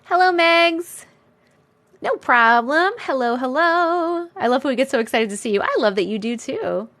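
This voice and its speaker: Lively chatty woman hosting a live stream. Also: fairly high pitch, fast. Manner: chatty, greets viewers by name, laughs often. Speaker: live stream host reading viewer comments. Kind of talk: casual live stream chat.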